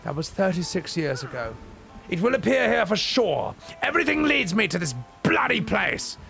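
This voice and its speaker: A man's voice: high voice, sing-song, moderate pace, gravelly, pushed and bright, faint music behind, pitched above the performer's own voice, full character voice. A man voicing a desperate, rude old English woman with an English accent, haughty and insulting. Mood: pleading.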